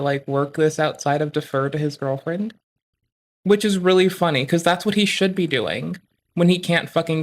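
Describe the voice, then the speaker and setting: A streamer reacting to a clip live, rambling and swearing with many fillers. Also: medium pitch. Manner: rambling, profane, lots of fillers.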